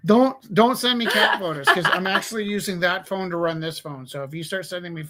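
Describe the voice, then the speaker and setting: A man's voice: high-pitched, brisk, a crowd in the background. A man hosting a live art stream in casual chat, joking and acting out little back-and-forth dialogues as he tells stories. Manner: joking storyteller who acts out little dialogues.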